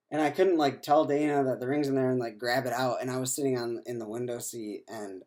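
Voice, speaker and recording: A man's voice: medium pitch, steady tone, fairly quick, hardly any pauses, a little mellow. Young guy rambling to camera, lots of ums and restarts, kinda wiped out. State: worn out. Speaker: vlogger. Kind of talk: casual video diary.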